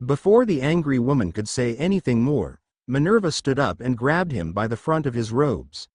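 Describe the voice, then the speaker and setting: A man narrating a fan fiction story in an animated reading style. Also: medium pitch, moderate pace, few pauses, no room sound, clean studio sound.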